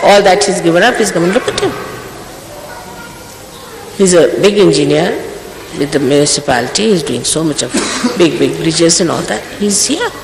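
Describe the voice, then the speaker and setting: A woman's voice: on the low side, expressive, normal speed, gravelly, long pauses, noisy background. An older woman, a spiritual teacher, giving an emphatic, scolding talk to her followers, full of rhetorical questions. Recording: echoey hall, archival recording.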